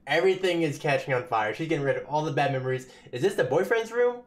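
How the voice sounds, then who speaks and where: A man talking casually and excitedly as he reacts to a music video, full of slang. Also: mid-range voice, fairly quick, few pauses. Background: song playing faintly.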